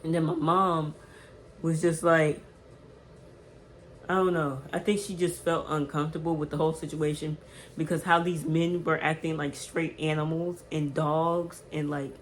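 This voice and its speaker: A woman vlogger telling a casual storytime, animated and emphatic, with slang and repeated words. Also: deep voice, a little hiss or hum, low-quality recording.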